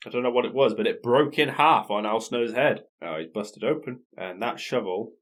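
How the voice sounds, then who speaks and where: A man's voice: mid-range voice, normal speed, fairly bright tone. A man, co-hosting a podcast, giving dry, sardonic running commentary in casual chat. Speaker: podcast co-host. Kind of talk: casual chat watching wrestling.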